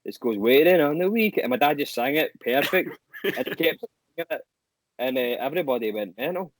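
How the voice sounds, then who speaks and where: A young man, a guest musician, telling animated anecdotes in casual chat and swearing casually. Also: medium pitch, brisk, a little hiss or hum, rough recording.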